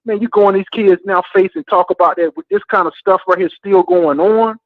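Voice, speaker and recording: A man's voice: high voice, brisk, no room sound. A man calling in to a talk show, ranting with frustration and passion and repeating "man" again and again. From Florida A&M alumnus. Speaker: caller. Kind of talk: heated call-in rant. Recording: tinny phone line.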